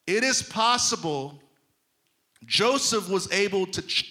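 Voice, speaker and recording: A man preaching a sermon at a slow, deliberate pace. His voice is bright and forceful, pitched a little high, and he swings from loud emphatic lines down to hushed, near-whispered ones. He often checks in with the congregation. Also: animated. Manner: addresses the congregation directly, checking in with them.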